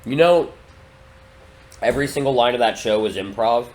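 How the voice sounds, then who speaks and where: A man co-hosting a casual podcast chat, an animated storyteller who swears freely. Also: mid-range voice, normal speed. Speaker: podcast co-host.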